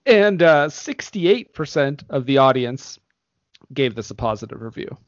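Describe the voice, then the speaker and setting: A man's voice: medium pitch, sing-song, unhurried, no echo, dull audio. A man hosting a casual movie podcast, laughing often as he reads reviews aloud. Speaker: podcast host.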